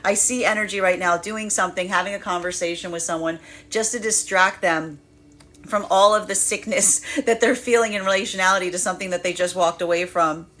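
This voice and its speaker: A woman's voice: fairly low pitch, steady tone, a little fast, fairly bright tone. A woman giving a tarot reading in a rambling way, repeating words and laughing often. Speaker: tarot reader. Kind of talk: live tarot reading monologue.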